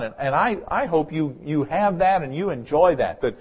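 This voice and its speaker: Male pastor, earnest sermon delivery, slightly high voice, dull lo-fi church recording. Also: expressive, normal speed, husky. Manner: earnest, repeats words at starts of phrases.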